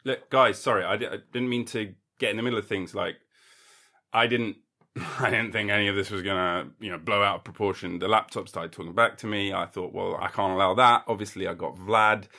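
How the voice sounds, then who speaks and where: A man's voice: fairly low pitch, steady tone, brisk, gravelly, sharp tone. A man hosting a podcast in a casual comedic monologue, rambling and jokey, swearing freely and acting mock-indignant. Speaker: podcast host.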